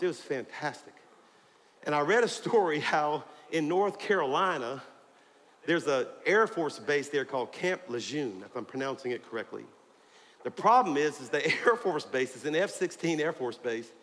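A male pastor preaching a fervent sermon, shouting and calling out to his congregation in a church sanctuary. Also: a little high, lively intonation, normal speed. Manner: fiery, preaching with shouts and call-outs to the congregation. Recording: long hall reverb, faint crowd and noise.

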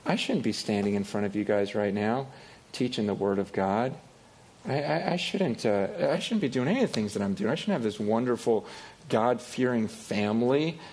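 A middle-aged pastor preaching a sermon, animated, acting out voices, sometimes dropping to a quiet confessional tone. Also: male voice, normal speed, husky. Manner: animated, acts out voices with rising pitch and loudness.

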